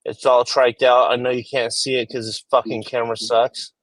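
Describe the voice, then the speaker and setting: A man's voice: medium pitch, flat delivery, normal speed, a bit bright, no echo. A man hosting a casual chat among growers, loose and profane in his banter. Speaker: host.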